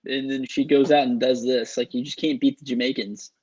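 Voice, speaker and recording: A young man co-hosting a sports podcast, excitable and rambling, full of "like" and "um". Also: medium pitch, a little fast, breathy edge. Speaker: podcast co-host. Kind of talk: casual sports podcast chat. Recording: dull lo-fi mic.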